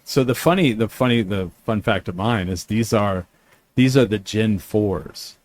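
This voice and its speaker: A man's voice: on the low side, unhurried, a little mellow, slight background noise. A man hosting a casual chat, telling a story with lots of fillers and restarts. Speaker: podcast host.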